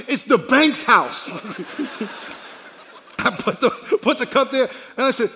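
A man in his fifties, a pastor preaching a sermon with animated storytelling that swings from quiet to loud. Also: very high voice, slow pace, pauses often, slightly rough. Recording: long reverb of a large hall.

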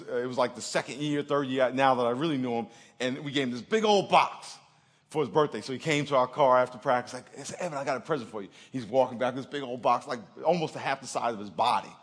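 A man's voice: mid-range voice, fast, slightly rough. A man preaching a sermon, telling stories animatedly and acting out the voices of the people in them. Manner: animated storytelling, acts out voices and laughs. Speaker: pastor.

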